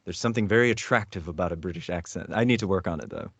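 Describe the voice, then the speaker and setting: Low-voiced man rambling in an interview. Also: rapid-fire, a bit bright, husky, no room sound. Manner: hesitant, rambling with fillers and laughs. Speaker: voice actor guest. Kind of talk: casual interview chat.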